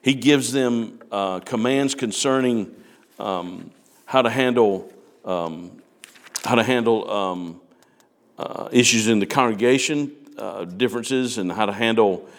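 A man's voice: on the low side, measured pace, in a large hall. A man preaching a sermon, reading scripture aloud in an earnest way and stumbling over words now and then. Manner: earnest, reads King James verses aloud with slips and restarts.

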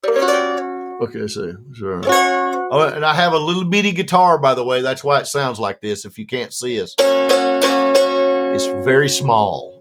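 A man's voice: mid-range voice, moderate pace, loud music behind the voice. A man, a guest songwriter, telling stories in a casual podcast chat and laughing often. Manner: laughs often, lively storytelling.

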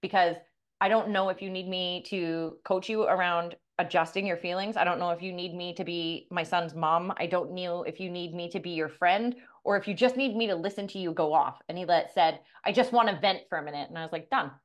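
A woman's voice: fairly low pitch, a little fast. A middle-aged woman co-hosting a podcast, telling a personal story with blunt, profane candor and acting out the dialogue. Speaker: podcast co-host, coach.

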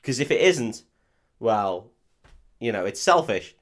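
A man's voice: mid-range voice, sing-song, takes it slowly. A man co-hosting a podcast, reacting to a film recap with crude jokes in casual chat. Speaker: podcast co-host.

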